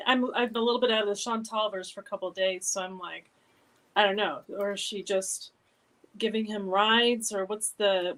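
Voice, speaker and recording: A woman's voice: medium pitch, a bit bright, rough recording. Questioning woman on a chat panel. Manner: curious, questioning, musing. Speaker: panel guest. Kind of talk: casual commentary chat.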